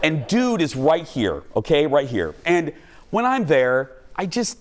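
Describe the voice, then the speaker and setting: A man hosting a talk show, telling funny stories in an animated, self-mocking way. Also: fairly high pitch, unhurried. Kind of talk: comic storytelling to a studio.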